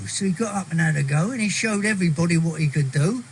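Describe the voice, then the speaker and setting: English guy spinning a tale on the radio, highish voice, lots of "you know". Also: fast talker, a little hiss or hum, low-quality recording. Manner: chatty, animated, acts out quoted voices. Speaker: storyteller guest. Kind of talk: casual anecdote telling. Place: radio studio. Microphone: studio mic.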